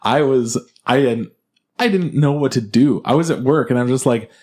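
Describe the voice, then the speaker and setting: Young male podcast co-host, casual, profane, lively storyteller who acts out the voices. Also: medium pitch, moderate pace. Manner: animated, swearing, acts out quoted voices.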